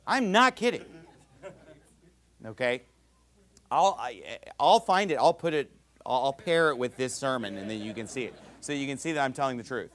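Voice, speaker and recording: A man's voice: fairly high pitch, big pitch swings, normal speed, sharp tone. A man preaching a sermon in a heated, combative, ranting manner. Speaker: pastor.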